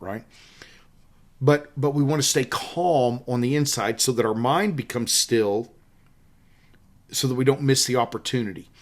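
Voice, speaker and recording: Man, 50s, Southern US accent, photography instructor, emphatic, repeats himself, casual teaching. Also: medium pitch. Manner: emphatic, repeats key points.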